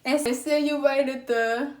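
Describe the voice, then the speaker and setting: Animated profane woman vlogger, roomy. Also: high voice, a little slow. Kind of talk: storytime vlog. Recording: roomy echo.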